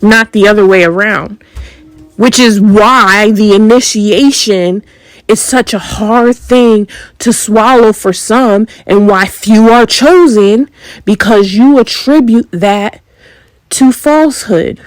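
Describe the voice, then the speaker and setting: Woman, spiritual monologue host, slow deliberate delivery, pointed rhetorical questions, dry close sound. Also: mid-range voice, dry recording, faint music behind, poor audio. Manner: confrontational, rhetorical questions, emphatic.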